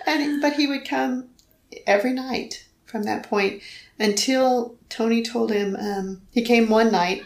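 A woman's voice: on the high side, fairly even intonation, a little slow, echoey room, rough recording. A middle-aged woman earnestly telling a personal faith story in conversation, acting out the voices she quotes. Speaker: guest telling her story.

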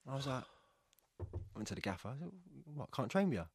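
A man telling stories in a casual podcast interview, animated and swearing, acting out what others said. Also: medium pitch, fast, breathy edge, no room sound. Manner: animated storyteller, acts out quoted dialogue, swears. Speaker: guest, retired footballer.

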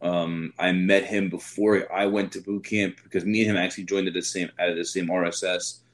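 A podcast host with a low, deep voice who keeps things relaxed and informal. His questions come out loose and unhurried, full of fillers. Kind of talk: casual interview chat.

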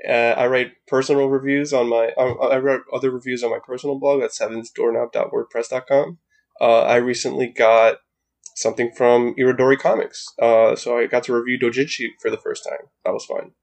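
A man's voice: medium pitch, level tone, normal speed, creaky. A man guesting on a podcast, rambling and hesitant, with many uhs. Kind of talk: casual chat.

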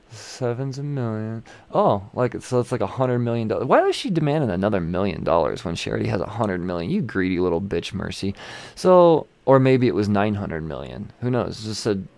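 A man's voice: fairly low pitch, vocal fry, darkish tone, no echo. A man casually recapping a comic issue, rambling, swearing freely and chuckling as he goes. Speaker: comic book reviewer.

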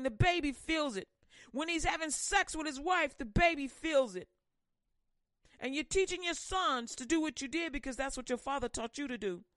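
Woman preacher, fiery sermon, intense, loud then hushed, high pitch. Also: dry recording. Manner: intense, swings between loud pushes and hushed warnings.

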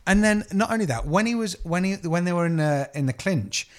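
An English podcast co-host with a high, expressive voice talks a little fast, spinning sweary, jokey stories in casual conversation and acting out the voices of the people involved.

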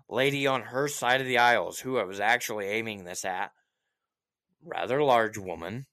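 Guy with a bright punchy voice, swearing nonstop through a casual rant, animated and mocking. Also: mid-range voice. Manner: profane ranting storyteller; animated, mocking in quoted asides. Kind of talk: casual chat.

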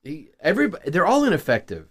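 A man co-hosting a casual movie discussion, trading sardonic, deadpan quips. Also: fairly high pitch, brisk, dry recording. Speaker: podcast co-host.

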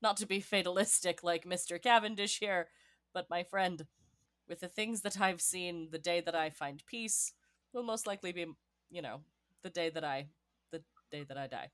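A woman speaking in character in a halting, wry, self-deprecating way during a tabletop game. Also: lowish voice, a bit bright, no room sound, clean studio sound. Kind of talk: in-character role-play.

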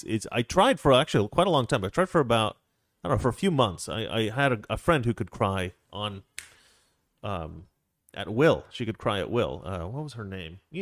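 A man with a lowish voice co-hosts a casual chat, recorded cleanly in a studio with no room sound. He tells long, rambling stories, restarting often and filling gaps with fillers.

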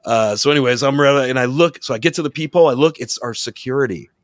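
A man telling a long story in casual chat, swearing often and acting out the people in it with loud voices. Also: medium pitch, quick pace, dry recording, clean studio sound. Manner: profane, animated, acts out quotes loudly. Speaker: podcast guest telling a story.

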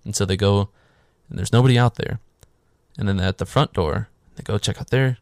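A man's voice: on the low side, a little fast, darkish tone, no echo, clean studio sound. A man casually recapping a horror movie in a sarcastic, swearing, offhand way. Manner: sarcastic, swears freely, filler "like".

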